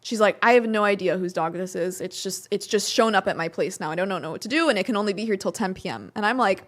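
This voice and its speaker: A woman's voice: medium pitch, fast talker. A young woman, a podcast guest, telling a story in a casual interview, acting out quotes and using many "like" fillers.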